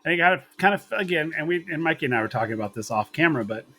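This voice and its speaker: A man's voice: a little high, expressive, rapid-fire, sharp tone, a little hiss or hum. A man with an American accent co-hosting a podcast, rambling and laughing as he recalls a match. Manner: rambling, giggly, self-interrupting storytelling. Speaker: podcast co-host. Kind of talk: casual wrestling recap.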